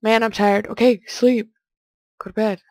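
A woman's voice: fairly high pitch, fairly even intonation, unhurried, darkish tone, no echo. A young woman casually commenting on a game she is playing, reading its text aloud and joking as she goes. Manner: jokey, chatty, talks to herself. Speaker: let's play host.

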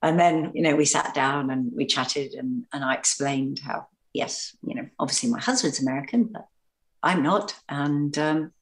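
An English actress recalling stories in an interview, hesitant, often repeating words and laughing. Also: female voice, low voice, moderate pace. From Britain. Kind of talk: anecdotal interview talk.

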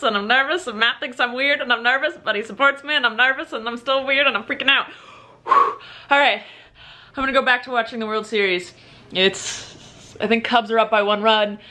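A woman's voice: fairly high pitch, sharp tone, a little hiss or hum, rough recording. A young woman vlogging casually to a handheld camera, chatty and playful, rambling through asides. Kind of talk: casual vlog chat to camera. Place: home, car and grocery store.

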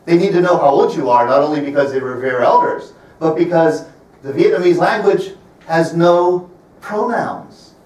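A man's voice: fairly high pitch, a little mellow, a little hiss or hum. Man in his fifties telling stories in a roomy hall. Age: 50s. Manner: wry storyteller, slows to stress points. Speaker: presenter. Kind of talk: storytelling public talk. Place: library event room. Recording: roomy sound from a distant mic.

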